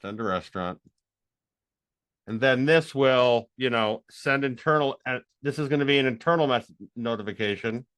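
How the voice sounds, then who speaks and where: A man running a live tutorial, his voice at an ordinary pitch and recorded close and dry. He is excitable and rambling, thinking aloud as he clicks through a demo. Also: moderate pace, smooth, no echo. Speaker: instructor.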